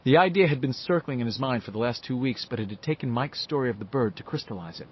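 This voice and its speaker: Male narrator, lively varied delivery, slightly dull lo-fi audiobook take. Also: medium pitch, fast talker, few pauses, a little hiss or hum. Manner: lively, expressive reading. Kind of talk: scripted narration.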